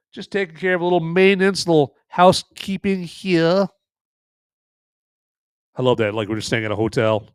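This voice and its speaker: A man's voice: fairly high pitch, animated, moderate pace, clear, resonant tone, no echo, studio quality. A man hosting a live movie podcast, chatting casually in a rambling, jokey way. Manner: rambling and jokey, tacks on "right there". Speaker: podcast host.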